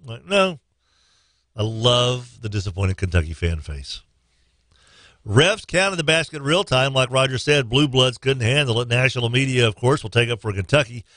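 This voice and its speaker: Male sports talk host, excitable, springy pitch, crisp and dry in the studio. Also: normal speed, no echo. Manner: excitable, jumps into high shouted impressions. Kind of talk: casual sports talk radio.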